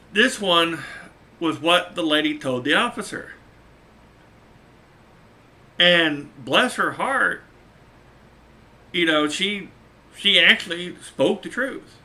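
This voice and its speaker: A man's voice: on the high side, bright, forceful tone. A man who drives a truck, telling a story casually, chuckling often and repeating his points for emphasis.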